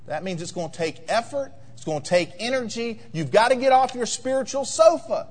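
A man preaching a sermon as pastor, animated and firing rhetorical questions at the congregation. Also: extremely high pitch, moderate pace, few pauses, long reverb tail. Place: church sanctuary.

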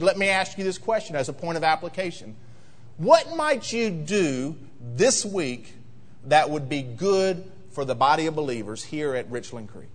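Animated preacher in an echoing church. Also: male voice, sits high. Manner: animated preaching with rhetorical questions. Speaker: pastor. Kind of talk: sermon. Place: church sanctuary.

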